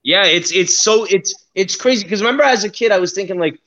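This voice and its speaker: A man's voice: high-pitched, brisk, pushed and bright, dull audio. A man co-hosting a casual chat, talking emphatically and swearing freely.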